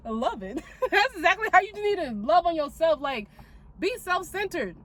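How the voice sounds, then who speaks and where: A woman's voice: extremely high pitch, very animated, a little slow, pauses often, fairly bright tone, slight background noise. Sassy, profane woman podcast host. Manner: blunt, profane and sassy, with lots of "like" fillers. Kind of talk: casual spiritual podcast monologue.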